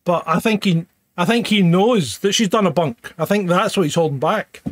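A man's voice: high voice, moderate pace. A man co-hosting a live-streamed chat show, sweary and teasing, who laughs often. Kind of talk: casual chat. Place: home.

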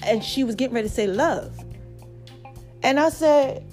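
A woman's voice: high voice, lively intonation, moderate pace, a little mellow, faint music behind. A woman hosting her own podcast, telling a story in a casual way and speaking straight to her listeners. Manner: chatty, addresses listeners directly, repeats "baby" and "okay". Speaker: podcast host.

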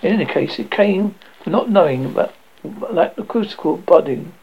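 A man reading a novel aloud in an amateur, halting way, often stumbling and restarting words. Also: sits high, expressive, vocal fry, breathy edge. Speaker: audiobook reader. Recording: dull lo-fi audio.

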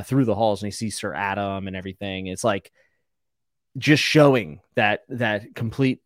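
A man with a lowish voice gives blunt, animated opinions in a relaxed book podcast. The recording is dry and close. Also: dry recording. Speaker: podcast co-host. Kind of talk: casual book discussion.

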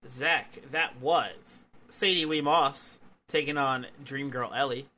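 A man hosting a podcast, recapping a wrestling match in a relaxed, casual way with lots of fillers. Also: medium pitch, takes it slowly. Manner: relaxed, filler-heavy play-by-play. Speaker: podcast host. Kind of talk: casual wrestling review chat.

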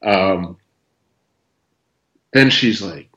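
A man spins a casual story in an easy, rambling way, full of "like" and little laughs. His voice sits low. The recording is roomy and a bit dull. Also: moderate pace, fairly bright tone. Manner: chatty, says "like" often, laughs while telling. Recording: roomy, slightly dull sound.

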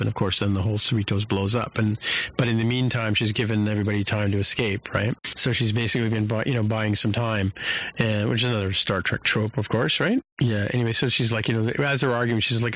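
A man's voice: lowish voice, steady tone, fairly quick, fairly bright tone, low-quality recording. A man in casual podcast chat, recapping a show with a rambling flow of fillers and restarts.

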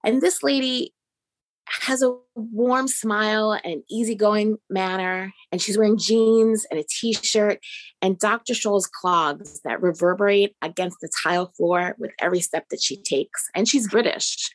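Woman, mid pitch, descriptive storytelling, lightly amused. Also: steady tone, a little slow. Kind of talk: personal story told on stage.

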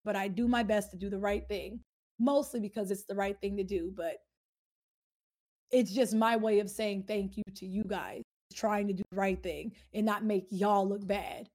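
A woman's voice: medium pitch, steady tone. A woman streamer answering a viewer question in casual, heartfelt chat, rambling and earnest with slangy talk. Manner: rambling, earnest, slangy, quick swings to loud.

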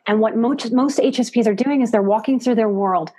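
A woman's voice: fairly high pitch, fairly quick, dark tone, slightly rough. A woman psychotherapist and life coach, a guest on a podcast, speaking expressively and emphatically and repeating words for stress. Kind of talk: conversational interview. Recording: podcast audio.

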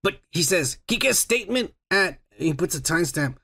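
Podcast co-host, male, gravelly, profane banter. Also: high-pitched, sing-song, normal speed, sharp tone. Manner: crude, profane, joking banter. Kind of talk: casual chat.

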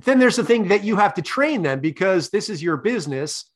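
A man hosting a comedy podcast, asking leading questions in a deadpan, profane way. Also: high voice, fairly quick. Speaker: podcast host. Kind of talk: comic interview.

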